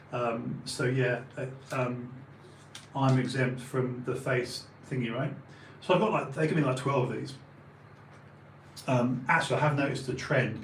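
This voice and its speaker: A man's voice: medium pitch, a little hiss or hum. A man in his late forties chatting on a live stream, rambling with fillers and restarts and swearing freely. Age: 40s. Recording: roomy home recording, faint ambience.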